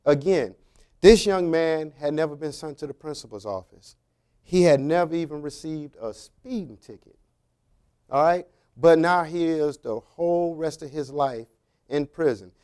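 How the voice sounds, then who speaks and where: A man's voice: a little high, a little slow, smooth. A man, a former prison officer, giving a storytelling talk to young men, acting out dialogue in colloquial, loose phrasing. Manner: animated storytelling with acted-out dialogue; colloquial, drawling street phrasing.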